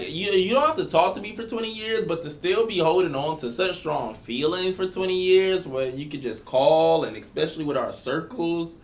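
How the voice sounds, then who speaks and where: Chatty recap co-host with lively pitch. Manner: laughs often, chatty. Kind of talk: casual recap chat.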